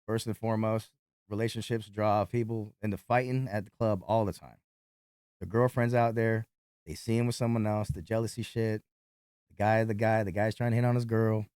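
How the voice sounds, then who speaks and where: A man who works as a nightclub bouncer tells a fight story in an interview, animated and profane. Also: on the low side, moderate pace, clear, resonant tone, no room sound, studio quality.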